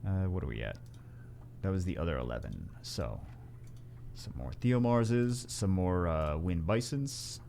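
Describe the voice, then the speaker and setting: A man's voice: deep voice, lively intonation, a little slow, gravelly, mellow, slight background noise. A man hosting a gaming video, rambling through casual gameplay commentary with wry asides and frequent self-corrections.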